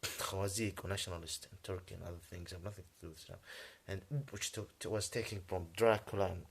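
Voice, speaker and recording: A native Arabic-speaking man delivering a rambling, agitated monologue in English, halting often and clearing his throat. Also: low-pitched, fairly even intonation. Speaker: vlogger.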